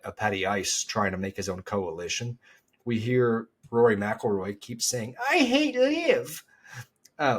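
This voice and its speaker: A man with a husky, slightly low voice talks golf on a podcast. He rambles in an animated way and often restarts his sentences. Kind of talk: casual chat.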